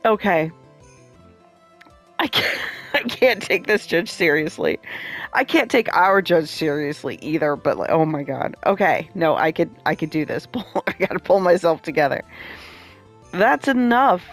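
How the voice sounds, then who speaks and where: A woman's voice: fairly low pitch, animated, unhurried, soft background music. A young woman reading every character's lines of a courtroom game aloud, stopping to laugh and react. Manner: reads all characters aloud, breaks off to laugh and comment. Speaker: let's play streamer reading a game aloud.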